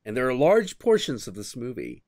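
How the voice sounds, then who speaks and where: A man hosting a stream, chatting casually and telling crude, animated stories. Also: medium pitch, moderate pace, creaky, no room sound, studio quality. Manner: animated, crude storytelling with bursts of acted quotes. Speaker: stream host. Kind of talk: casual chat.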